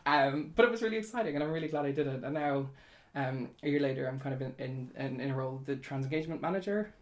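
A woman's voice: rumbling low, steady tone, fast talker, a little mellow. Chatty young Irish woman. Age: 20s. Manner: chatty, candid, many fillers. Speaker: interview guest. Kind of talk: casual interview.

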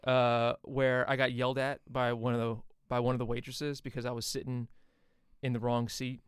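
A man telling a story on a podcast with animated indignation and frequent swearing. His voice is smooth and clear, at a middle pitch. The sound is dry and close. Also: normal speed, no room sound. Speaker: podcast co-host. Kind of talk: casual chat.

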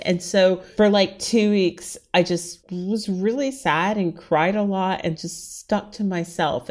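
Candid, chatty woman with a lowish voice. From Washington, D.C. area. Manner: frank, chatty, heavy use of "like". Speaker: interview guest, writer and stylist. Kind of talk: candid personal interview conversation.

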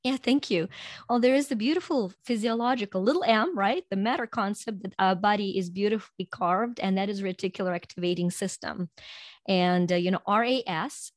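A woman's voice: mid-range voice, no room sound. Earnest woman with a dry, close sound. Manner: earnest, drops soft and slow when guiding breathing; laughs lightly between points. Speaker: guest. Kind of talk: reflective motivational talk.

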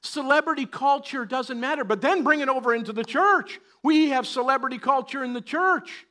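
Male pastor, very high voice, bright tone, sermon, chatty then emphatic. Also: a little fast. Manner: conversational and joking, rising to shouted preaching. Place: church.

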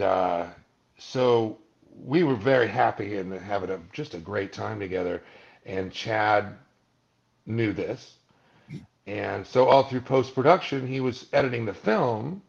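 A man from Malibu, California, is a guest on an interview, casually telling stories as an animated storyteller who acts out the voices of people he quotes. His voice is lowish and creaky, with lo-fi sound.

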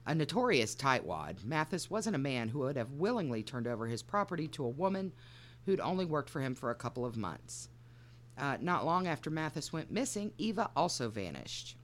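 A woman's voice: deep voice, very animated, brisk. A woman co-hosting a podcast, trading dry teasing remarks and reading a story aloud with wry asides. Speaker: podcast co-host and story reader. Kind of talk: casual comedic chat and narrating a story.

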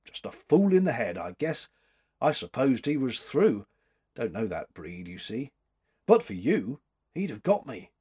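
A man reading the part of a large, gruff young man who talks in an awkward, understated way. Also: mid-range voice, sing-song, a little slow, warm tone. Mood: sheepish. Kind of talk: audiobook character reading.

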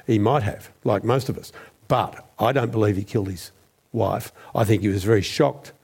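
A man, a former journalist, recounting a story as a guest in a measured, deliberate way. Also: fairly low pitch, creaky, a little mellow, slightly rough. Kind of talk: storytelling interview.

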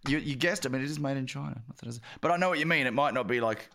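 A man's voice: mid-range voice, rapid-fire, creaky, noisy background. An Irish man co-hosting a comedy podcast in a studio, telling rambling stories and laughing often. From Ireland. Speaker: podcast co-host. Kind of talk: casual comedic chat.

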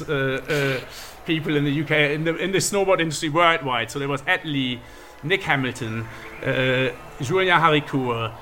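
A man chatting as a podcast guest, his voice bright and forward. He talks softly, hesitates and lets sentences trail away. A faint hiss sits behind him. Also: mid-range voice. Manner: soft-spoken, trailing off, many fillers. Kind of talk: casual podcast chat.

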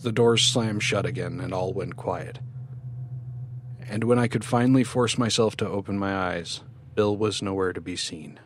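A man with a fairly low voice narrates a horror story in a measured, dramatic style. He hosts the podcast and reads steadily with deliberate pacing. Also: slight background noise.

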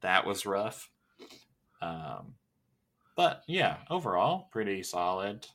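Man, podcast co-host, low voice, bright, animated, sarcastic. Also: slow. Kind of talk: casual chat.

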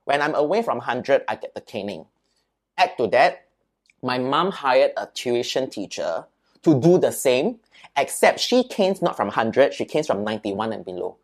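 A Singaporean man tells stories in a loose, chatty way. He keeps asking "right?" and "okay?" to make sure the listener follows. His voice rises and falls a lot, and he drops Mandarin words and local particles into his English. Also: normal speed. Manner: lively, swings pitch up and down while telling a story. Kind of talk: casual storytelling.

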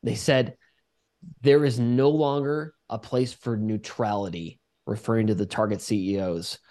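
A man's voice: on the low side, steady tone, mellow. Guy guest talking earnest, stumbles and restarts a lot. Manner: earnest, halting, many restarts. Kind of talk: casual interview talk.

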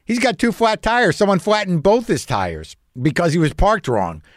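A man's voice: high voice, wildly swooping pitch, moderate pace, a little hiss or hum. Rambling, profane male comic storyteller. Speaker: comedian host. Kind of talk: storytelling monologue.

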